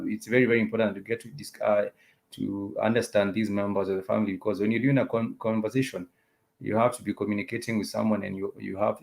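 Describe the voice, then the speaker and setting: Gravelly low-voiced man teaching a lesson. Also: a little mellow. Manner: repeats words and phrases slowly, many "uh" pauses. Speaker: language teacher. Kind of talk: casual spoken lesson.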